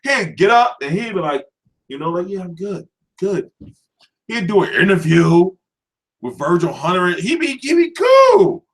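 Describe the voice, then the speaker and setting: A man hosts a profane, laughing boxing rant. His voice sits high and leaps all over the place as he acts out what people say. It is loose, casual talk straight to camera. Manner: animated, laughing, mimics voices mid-story. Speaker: boxing commentary host.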